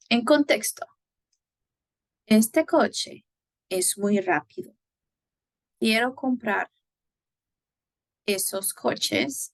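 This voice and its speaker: A woman's voice: mid-range voice, vocal fry, no echo. A woman teacher giving a recorded lecture, explaining patiently, switching between English and Spanish examples and often checking in with "right?".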